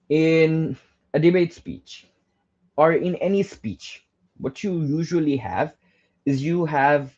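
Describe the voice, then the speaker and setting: Young bangladeshi-accented guy lecturing a workshop, warm low-key voice, keeps saying "right?", muffled lo-fi sound. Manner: asks himself rhetorical questions and answers them, tags lines with "right?"; mixes in Bengali phrases. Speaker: guest speaker at a public speaking workshop. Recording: dull lo-fi recording.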